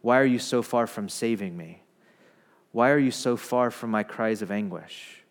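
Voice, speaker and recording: A man preaching a sermon, swinging between loud emphatic declarations and hushed, low retellings. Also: normal speed. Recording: long hall reverb.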